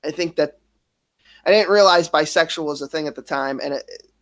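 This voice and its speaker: Thirties man, streamer confessing his past, raw and halting, lots of swearing, voice a bit higher than most men. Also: a bit bright. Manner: swearing, halting, restarts and trailing off. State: emotional, near tears at times. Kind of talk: emotional personal confession.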